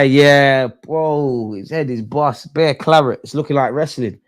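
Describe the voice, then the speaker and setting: A young man hosting a live football watch-along, animated and slangy, swinging from loud outbursts to low muttering. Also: normal speed.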